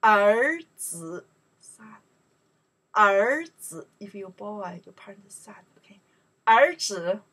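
A woman with a Mandarin Chinese accent, whose native language is Chinese, teaches pronunciation in unhurried English. Her tone is bright and a little breathy. She says each example word loudly and repeats it for the learner. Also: medium pitch, expressive. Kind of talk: pronunciation lesson.

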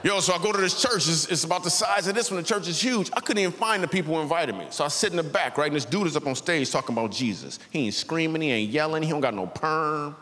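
He talks fast with hardly any pauses, his voice a little high, while the recording is very noisy. The speaker is a man in his thirties doing church stand-up, telling a story and playing the voices in a large auditorium. The hall is reverberant, with faint ambience.

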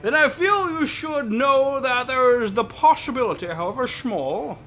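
A player doing a posh gentleman showman. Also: sits high, animated, normal speed, pitched above the performer's own voice. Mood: grave. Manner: grand, formal delivery.

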